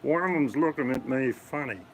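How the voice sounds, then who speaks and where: A man's voice: mid-range voice, normal speed, a little hiss or hum, pitched above the performer's own voice, natural voice, low-quality recording. A man with an Australian accent voicing a worried young farm kid calling to his dad.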